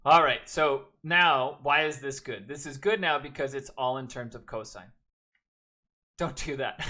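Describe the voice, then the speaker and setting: This math lecture comes from a man working through problems aloud in class, joking and chatting with students between steps. He speaks slowly with frequent pauses, in a mid-range voice with a sharp tone.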